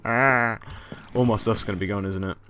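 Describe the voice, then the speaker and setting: A young man giving casual commentary on a game he plays, easily startled, yelping and shouting in panic. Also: fairly low pitch, fairly even intonation, normal speed. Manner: jumpy, easily scared, yelps and shouts in panic. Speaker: gaming channel host. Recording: loud keyboard clicks and noise.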